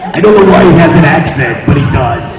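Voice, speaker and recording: A man doing a joking impression of a young man with a raspy smoker's voice, recorded in an echoey hall from far off. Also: a little high, lively intonation, quick pace, highs cut off, a loud crowd, pitched above the performer's own voice. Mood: mocking. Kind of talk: joking impression at a convention panel.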